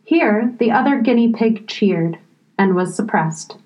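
A woman narrating a storybook in a measured, expressive reading. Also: a little high, highs cut off.

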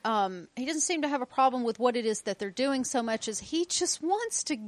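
High, lively-voiced woman cutting in. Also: a little fast, no room sound. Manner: blunt, teasing, jumps in to interrupt. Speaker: podcast co-host. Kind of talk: casual chat.

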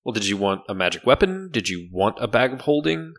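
A man running a tabletop game as game master, talking in a halting way with many fillers. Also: fairly low pitch, very animated, a bit bright.

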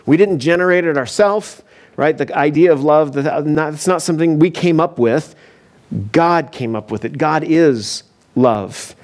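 A male pastor with a voice pitched a little above the usual delivers a sermon in an easygoing, conversational way. He tells his story loosely, stopping often for asides and little fillers as he goes. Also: measured pace, a little mellow. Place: church.

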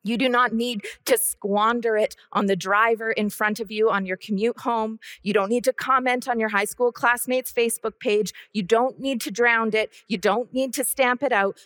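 A woman preaching a sermon with a measured, solemn, repetitive cadence. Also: a little high, fairly bright tone, no room sound, studio quality.

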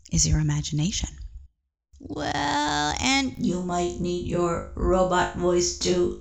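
A woman leading a children's mindfulness lesson from her living room, gentle and playful, sometimes dropping to a whisper. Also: medium pitch, creaky. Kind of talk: guided mindfulness lesson for kids.

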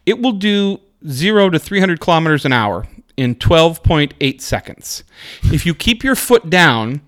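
A man's voice: on the high side, very animated, unhurried, a bit bright. A man co-hosting a podcast, chatting casually and enthusiastically about cars, rambling with restarts. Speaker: podcast co-host. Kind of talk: casual car chat. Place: Seattle area.

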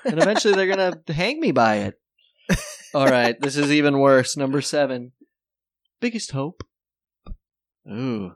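A man's voice: mid-range voice, lively intonation, dry recording. A man hosting a podcast, rambling through casual comedic banter and laughing often. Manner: jokey, rambling, quick to laugh. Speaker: podcast host.

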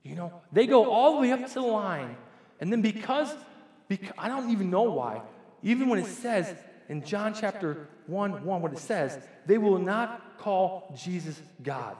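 A man's voice: sits high, animated, unhurried, darkish tone. A man in his forties, a pastor preaching a sermon in a church, talking conversationally and putting questions straight to the congregation. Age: 40s. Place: church sanctuary. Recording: echoey church hall with long reverb.

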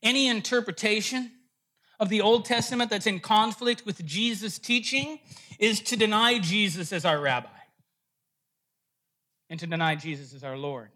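Bright, high-voiced male preacher. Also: normal speed. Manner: playful storytelling that turns to earnest teaching. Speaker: pastor. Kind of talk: sermon with a told joke.

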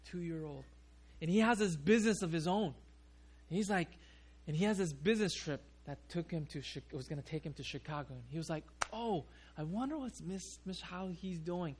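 A male pastor tells a story in his sermon. His voice is fairly high with a gravelly fry, and he talks in an animated way, restarting his sentences often.

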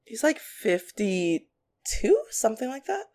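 A woman's voice: on the high side, very animated, slow pace, warm tone. A young woman co-hosting a podcast, chatting casually, giggling often and mimicking voices as she tells stories. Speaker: podcast co-host. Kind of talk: casual chat.

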